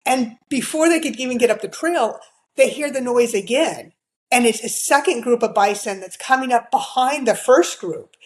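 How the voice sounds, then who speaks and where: A slightly high-pitched woman's voice comes through on poor audio. She is middle-aged, a guest on a podcast, casually telling a story with plenty of fillers and quotes she acts out.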